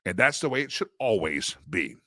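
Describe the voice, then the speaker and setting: A man's voice: lowish voice, sing-song, moderate pace, sharp tone, no room sound. A man hosting a talk show, chatting casually with a playful, sarcastic edge.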